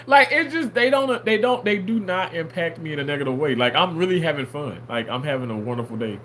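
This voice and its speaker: A playful man hosts a casual livestream, reading out chat comments and answering them with easy laughter. His voice sits a bit high and swings widely in pitch. A faint hum of ambience sits behind him. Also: brisk, few pauses. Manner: animated, playful, laughs often; reads viewer comments aloud and replies.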